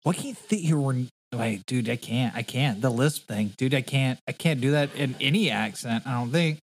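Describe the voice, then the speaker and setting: A man's voice: medium pitch, normal speed, slight background noise. A man co-hosting a podcast in casual, joking chat, laughing often and rambling. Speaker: podcast co-host.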